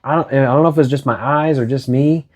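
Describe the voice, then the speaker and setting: A man co-hosts a relaxed video game discussion in a mid-range voice. He steers the conversation and often trips over and restarts his sentences. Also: medium pitch, fast talker. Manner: leads the talk, hesitant restarts. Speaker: co-host.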